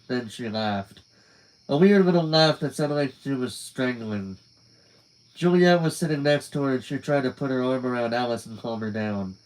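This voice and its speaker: A man's voice: medium pitch, moderate pace, a little mellow, poor audio. Man reading a novel live, chatty asides. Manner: casual, conversational, trailing off at phrase ends. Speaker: streamer reading a novel aloud.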